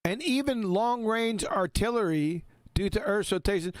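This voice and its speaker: A man co-hosting a casual live stream, mocking and sarcastic, ranting with lively swings in pitch. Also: normal speed, no room sound. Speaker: co-host.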